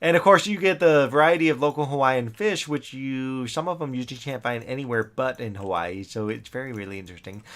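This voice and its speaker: A man's voice: mid-range voice, big pitch swings, fast talker, fairly bright tone. A middle-aged man from the United States, chatting casually and rambling on a live gaming stream, laughing often and talking to the characters in his game. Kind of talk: casual live-stream chat while playing.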